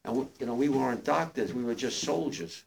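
An older man, a war veteran, gives spoken testimony to young listeners, halting and emotional with many restarts. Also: medium pitch, creaky, darkish tone, slightly rough.

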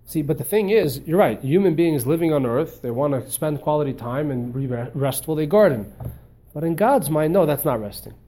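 A man teaching a religious class, telling stories in an animated way and often repeating words as he hunts for the phrase. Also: fairly high pitch, moderate pace. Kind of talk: storytelling lecture.

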